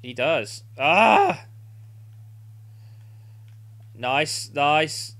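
A man's voice: fairly high pitch, very animated, extremely slow, fairly bright tone. A young man playing a football video game live, urging his team on and swearing in frustration. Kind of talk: live gameplay commentary.

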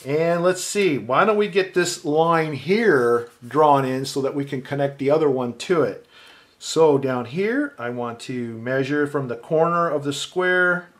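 A man teaching a step-by-step drawing lesson, calmly thinking aloud as he measures and marks lines. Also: fairly high pitch, a little slow. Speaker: art teacher.

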